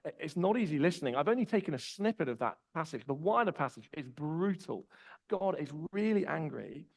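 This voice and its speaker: A man's voice: on the high side, a little fast, creaky, poor audio. A man, preaching a conversational sermon with personal stories. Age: 20s. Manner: relaxed storytelling, personal anecdotes.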